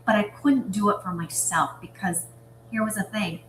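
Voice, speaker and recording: A woman's voice: mid-range voice, steady tone, moderate pace, a little hiss or hum. Woman interview guest, reflective and explanatory, roomy echo on the voice. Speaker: guest, business leader. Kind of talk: conversational interview.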